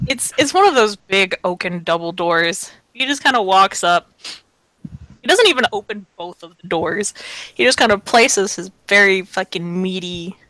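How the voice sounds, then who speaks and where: A woman's voice: mid-range voice, a bit bright, no echo. A woman narrating as game master in a laid-back, slangy way, swearing freely. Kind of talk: casual tabletop game narration.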